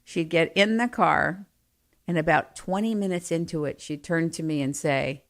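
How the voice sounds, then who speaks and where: Animated, self-mocking woman storyteller. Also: sits low, moderate pace. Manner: animated, self-mocking, swings from quiet asides to loud. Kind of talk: personal storytelling.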